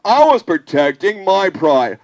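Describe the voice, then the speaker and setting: A puppeteer voicing a protective lion parent in a live children's puppet show, speaking slowly and apologetically. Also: medium pitch, sing-song, a little mellow. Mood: proud. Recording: live show with audience and music.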